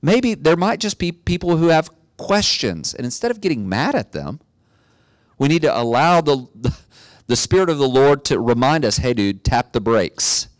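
A middle-aged man preaching a sermon, telling a story in a relaxed way and building to emphatic exhortation. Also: on the high side, normal speed, no echo. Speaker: pastor.

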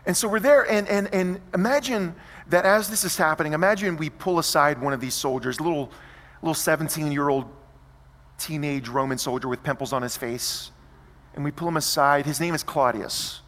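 A man preaching a sermon, telling a story with lively, vivid scene-setting. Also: fairly high pitch, moderate pace, big-room sound. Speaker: pastor.

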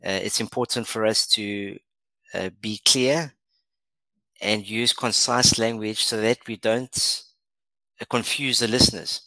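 A man's voice: lowish voice, steady tone, unhurried, bright, forceful tone, no room sound, low-quality recording. A man co-hosting an English lesson podcast, encouraging and praising often, with many uh fillers. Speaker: podcast co-host.

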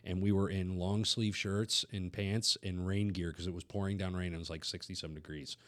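A man's voice: deep voice, fairly even intonation, normal speed. A middle-aged man co-hosting a podcast, chatting casually and joking around. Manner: playful, jokey. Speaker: podcast co-host. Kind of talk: casual chat.

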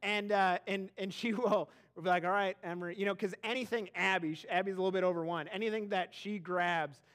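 A man in his thirties preaching a sermon as pastor, telling stories with lively emphasis and frequent repeated words. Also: sits high, brisk. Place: church auditorium.

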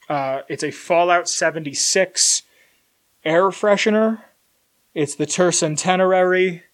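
A young man casually chatting through an unboxing, rambling and self-deprecating, with sudden bursts of loud excitement. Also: high-pitched, slow pace. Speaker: collector unboxing merchandise. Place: home room with collectibles shelf.

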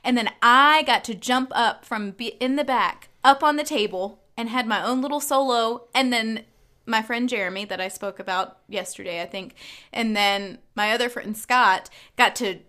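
A woman co-hosting a podcast, telling stories in an animated, casual way. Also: on the high side, normal speed. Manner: animated storyteller. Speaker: podcast co-host. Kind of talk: casual chat.

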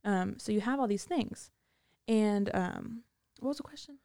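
Woman guest, vocal fry, rambling storyteller with lots of fillers. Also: medium pitch, a little slow, warm tone. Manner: rambling, many fillers and restarts. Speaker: guest recounting prison time. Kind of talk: casual storytelling.

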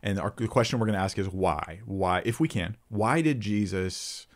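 A man with a lowish voice talks through Bible passages and viewer questions in an easygoing, off-the-cuff manner. He thinks aloud as he goes, stopping and restarting his sentences, and reads verses aloud along the way. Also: moderate pace. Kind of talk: casual unscripted Bible teaching.

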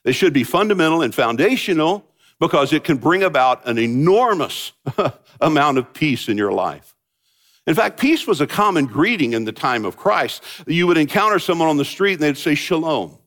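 Pastor, male, fairly high voice, conversational sermon delivery with humorous asides. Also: very animated, moderate pace, fairly bright tone. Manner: conversational preaching with joking asides.

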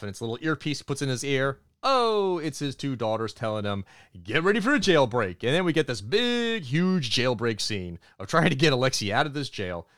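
A man co-hosting a podcast, recapping a film in an animated storytelling way. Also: medium pitch, clear, resonant tone, no echo, studio quality. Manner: animated storytelling, acts out character quotes. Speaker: podcast co-host. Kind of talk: movie review recap.

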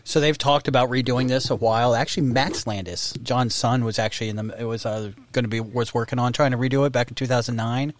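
A man's voice: medium pitch, steady tone, fast, few pauses, no room sound. A man in casual movie chat who rambles through trivia with many fillers.

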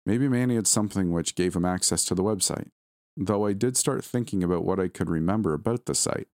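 A man reading a first-person horror story aloud in a steady, somber storytelling manner. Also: sits low, brisk, no room sound, clean studio sound. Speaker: narrator. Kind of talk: scripted horror story narration.

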